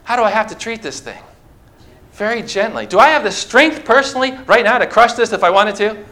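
A man with a high, bright voice delivers a sermon in a church, speaking directly to his congregation. He leans on rhetorical questions and hands-on object lessons in a conversational preaching style. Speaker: pastor.

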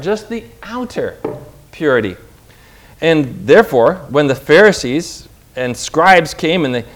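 A man preaching a sermon with an object lesson, swinging from quiet asides to loud, emphatic lines. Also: fairly high pitch. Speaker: pastor.

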